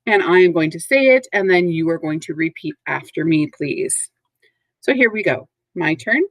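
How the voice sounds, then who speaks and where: A woman teaching a recorded vocabulary lesson to third graders, speaking slowly and clearly, with call-and-response prompts. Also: on the low side, expressive, dry recording, poor audio.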